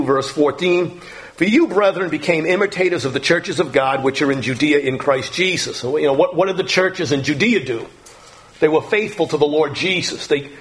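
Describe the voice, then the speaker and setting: Higher-voiced man preaching verse by verse. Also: a bit bright. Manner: reads scripture aloud, explaining verse by verse with many fillers. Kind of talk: sermon.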